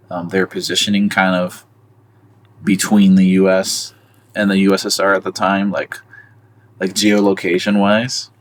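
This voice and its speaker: Deep-voiced man chatting hesitantly. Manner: rambling, hesitant, full of fillers. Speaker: podcast co-host. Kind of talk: casual film discussion.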